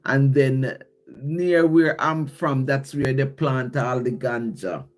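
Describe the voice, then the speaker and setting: This Jamaican-accented man, medium-pitched and slow, is on a casual phone live stream reading his own poetry. Along the way he explains lines and says them again.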